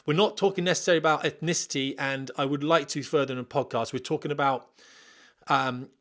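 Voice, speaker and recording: A man's voice: fairly high pitch, steady tone, fast talker, fairly bright tone. A middle-aged man, hosting a podcast from home, chatting casually and reading a listener's email with rambling digressions. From Britain. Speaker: podcast host, former military pilot.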